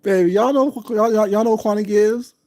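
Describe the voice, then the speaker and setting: A man chats with his livestream viewers in a sassy, drawling style, calling them baby. His delivery is loose, casual, and unhurried. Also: high-pitched, dark tone. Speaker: livestream commentator.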